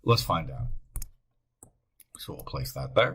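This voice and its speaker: Excitable man thinking aloud through math. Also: a bass voice, slow pace, gravelly, slightly rough. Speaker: math teacher. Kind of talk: recorded math lecture.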